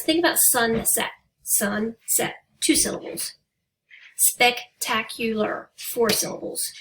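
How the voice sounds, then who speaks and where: A woman's voice: a little high, fairly bright tone, slight background noise. Patient woman teacher, slightly distant mic. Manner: slow, deliberate reading of example poems; patient, encouraging. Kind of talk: recorded remote writing lesson.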